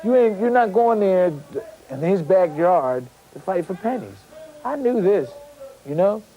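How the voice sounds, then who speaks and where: A man's voice: sits high, lively intonation, measured pace, phone-quality sound. A man, a former boxer, telling his story in an interview. He stumbles and repeats words as he acts out what people said to him.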